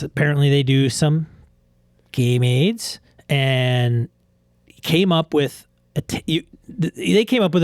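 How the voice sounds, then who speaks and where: A man's voice: mid-range voice, no room sound, studio quality. Rambling man hosting a podcast. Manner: rambling, restarts sentences. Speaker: podcast host. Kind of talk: casual chat.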